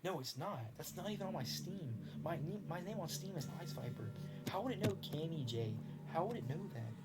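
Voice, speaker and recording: A man's voice: a little high, lively intonation, fairly quick. Swearing young male game streamer. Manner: swears a lot, reacts in disbelief. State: scratchy throat. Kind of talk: live gaming commentary. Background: loud game music.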